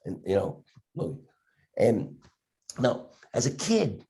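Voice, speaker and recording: An older man, a dentist with a cough from a respiratory illness, telling stories in a podcast chat, acting out the voices in his anecdotes with halting restarts. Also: mid-range voice, sing-song, gravelly, mellow. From Philadelphia area, USA. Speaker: dentist guest.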